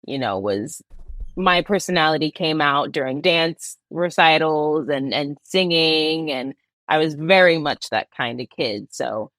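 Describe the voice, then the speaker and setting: A woman's voice: low voice, a little slow, fairly bright tone, dry recording. A young woman with a Bronx New York accent, chatting as a podcast guest and laughing often. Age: young adult. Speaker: guest, Broadway performer. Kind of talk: casual interview chat.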